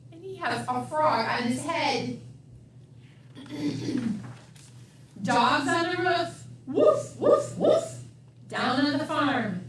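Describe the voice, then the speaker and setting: Middle-aged woman, children's librarian at storytime; slow chanting read-aloud, recorded off mic in a roomy space. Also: fairly high pitch, recorded from a distance, slight background noise. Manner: sing-song, animal sounds, asks children questions. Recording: echoey room, voice from off mic.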